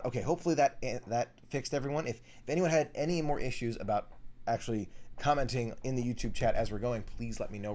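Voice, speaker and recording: A young man chats through a live stream in a casual, friendly way, reading viewers' comments aloud and answering each one. His voice sits at an ordinary middle pitch for a man. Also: darkish tone. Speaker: vlogger hosting a live stream.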